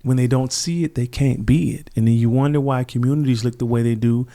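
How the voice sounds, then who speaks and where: A middle-aged man speaks with a warm, mellow tone at an ordinary pitch. He talks earnestly and reflectively in a relaxed interview conversation, sometimes slipping into the voices of people he quotes. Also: fairly quick. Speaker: podcast guest.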